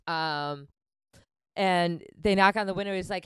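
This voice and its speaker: A woman's voice: fairly low pitch, a little slow, a bit bright, clear, resonant tone, no room sound. A woman in her late twenties casually telling a story on a podcast, swearing freely, laughing often and acting out the lines of the people in it. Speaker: comedian guest.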